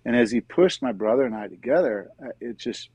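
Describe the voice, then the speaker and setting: A middle-aged man, a guest in an interview, earnestly telling his personal faith story in a soft-spoken, conversational way. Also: mid-range voice, animated, fairly quick, slightly rough, no room sound, poor audio.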